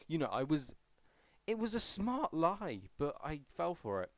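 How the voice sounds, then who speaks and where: A man's voice: on the high side, sing-song, unhurried, dry recording. A young man vlogging casually as he answers a survey, chatty and rambling with self-deprecating asides. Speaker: YouTuber.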